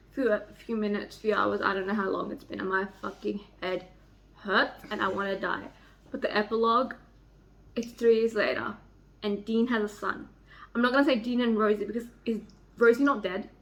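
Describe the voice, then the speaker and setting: A woman's voice: mid-range voice, fairly even intonation, moderate pace, a bit bright. A young woman talking casually in a book vlog, emotional and rambling, swearing a lot. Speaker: book vlogger.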